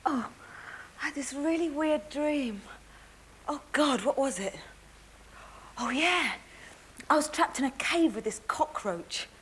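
A dreamy girlfriend, high and slow, loud hiss behind. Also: expressive, full character voice. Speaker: sitcom girlfriend. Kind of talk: comic dialogue. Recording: hissy TV broadcast recording.

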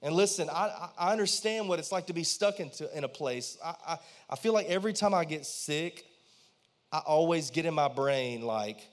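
Animated pastor preaching. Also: male voice, a little high, normal speed. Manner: conversational and animated, asks the congregation questions. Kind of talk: sermon. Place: church.

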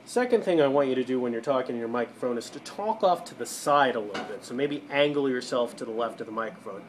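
A man walking viewers through setting up a desktop microphone and call software, step by step, at his computer. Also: mid-range voice, animated, fast talker, slight background noise. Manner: practical step-by-step instructions. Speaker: tutorial presenter for a radio show. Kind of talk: casual screen-recorded tech tutorial. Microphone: desktop USB microphone, moving toward and away from it.

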